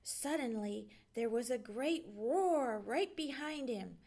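Female librarian, storybook read-aloud; high, animated voice, expressive. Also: slow pace. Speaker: children's librarian.

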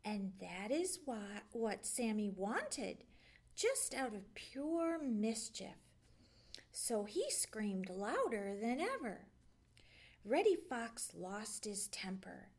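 A woman librarian reading a children's storybook aloud with gentle, expressive storytelling. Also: mid-range voice, takes it slowly, husky.

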